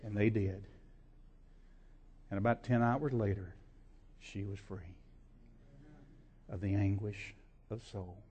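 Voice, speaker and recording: A man preaching a sermon as pastor, repeating his points and rising from quiet storytelling to loud emphatic preaching. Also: fairly low pitch, fairly even intonation, slow pace, long pauses, husky. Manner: builds from quiet to shouting, repetitive emphatic preaching.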